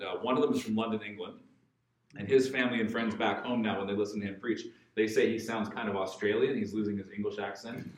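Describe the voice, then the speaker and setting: A man from Alberta, Canada, with a Western Canadian accent, preaching in a conversational, joking way and repeating words for emphasis. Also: fairly low pitch. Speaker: pastor. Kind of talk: sermon. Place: large church hall. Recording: echoey church hall.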